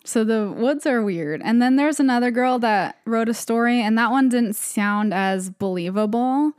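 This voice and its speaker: A young woman's fairly high, slightly mellow and smooth voice moves at normal speed as she co-hosts a podcast, casually retelling creepy stories with frequent "like" fillers and a rambling style. The studio sound is clean, with no echo.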